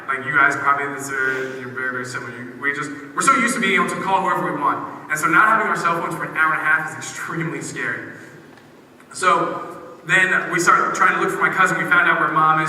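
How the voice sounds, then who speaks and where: A young man telling a story to students, animated and full of "like"s. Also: on the high side. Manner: animated, quick storytelling with many "like"s. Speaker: guest speaker. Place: school auditorium. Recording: echoey hall, mic at a distance.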